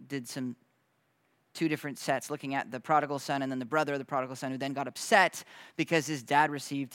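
Casual, animated pastor, dry close sound. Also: male voice, fairly high pitch, no room sound. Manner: animated, acts out quick voices in his story; laughs now and then, loose slangy phrasing. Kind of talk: casual conversational sermon.

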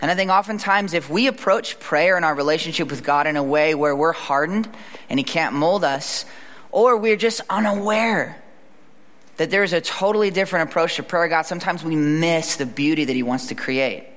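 A man preaching a sermon in a conversational, animated way, acting out the lines he quotes. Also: on the high side, normal speed. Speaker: pastor. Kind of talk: sermon with storytelling. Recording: reverberant hall.

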